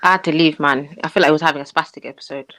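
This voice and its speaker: A woman's voice: low-pitched, fairly even intonation, very fast, fairly bright tone, no echo. A woman chatting on a live online panel, blunt and slangy, laughing often. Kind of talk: casual live panel chat.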